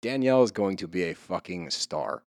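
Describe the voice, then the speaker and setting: A man's voice: low-pitched, lively intonation, normal speed, a little mellow, dry recording, studio quality. A man co-hosting a podcast, retelling scenes in an easygoing, amused way. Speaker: podcast co-host. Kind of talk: casual chat.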